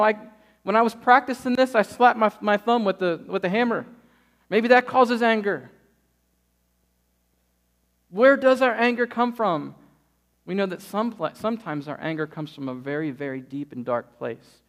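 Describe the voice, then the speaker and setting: A man in his thirties preaching a sermon, telling stories and acting out quotes with lively energy. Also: high-pitched. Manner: lively storytelling, acts out quotes. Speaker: pastor.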